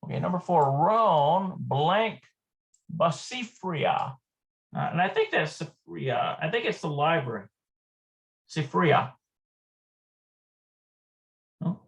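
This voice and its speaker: A man teaching a casual language lesson, thinking aloud and slowly repeating words as he works through exercises. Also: on the high side, lively intonation, creaky.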